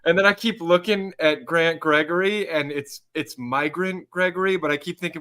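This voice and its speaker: A man's voice: fairly high pitch, fairly even intonation, moderate pace, pushed and bright. A man who co-hosts his own podcast, a guest on a casual panel, talking in a wry, rambling, mock-timid way.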